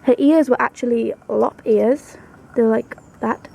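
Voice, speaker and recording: A woman's voice: a little high, measured pace, gravelly, a little mellow, husky, rough recording. A young woman vlogging at home about her pet rabbit in a chatty, fond way, now and then cooing to the animal. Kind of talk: casual storytelling to camera.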